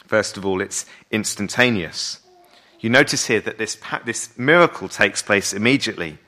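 Bright-voiced male preacher. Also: fairly low pitch, a little fast. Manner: conversational preaching with rhetorical questions. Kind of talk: sermon.

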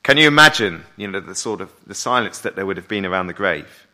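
A man's voice: sits low, lively intonation, fast, bright, forceful tone. A man preaching a sermon in a conversational way, often asking his listeners rhetorical questions.

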